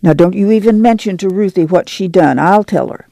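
A man's voice: high voice, a little fast, creaky, no room sound. Man doing a stern mother, raised voice. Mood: firm. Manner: firm, hushed and protective. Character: weary, stern rural mother of a migrant family. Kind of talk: audiobook character voice.

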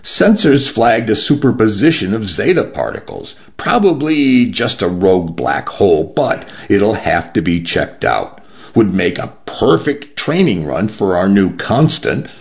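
A man's voice: fairly low pitch, sing-song, measured pace, vocal fry, a little mellow, muffled recording, heavily acted. A man voicing a tough, curt woman who runs a bar, giving orders and threats in a raised voice. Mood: brisk. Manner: curt and commanding.

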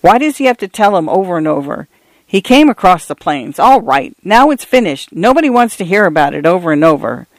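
A man's voice: a little high, moderate pace, hardly any pauses, dry recording, close to an everyday voice. A man reading the part of a stern, irritable ranch father in an audiobook. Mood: angry. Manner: curt, irritated, voice rising.

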